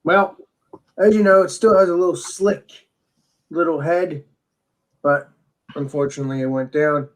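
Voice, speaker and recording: A man's voice: a little high, fairly even intonation, moderate pace, pauses often. A man co-hosting a casual beer tasting chat, talking with enthusiasm and rambling restarts. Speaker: beer reviewer co-host.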